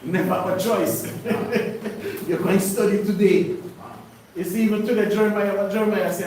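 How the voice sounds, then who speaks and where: A man's voice: sits high, fairly even intonation, moderate pace, darkish tone. A man leading a sermon-style Bible study for a congregation, preaching with call-and-response questions. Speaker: teacher of a congregation. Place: congregation hall. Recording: very echoey room, far from mic, noisy.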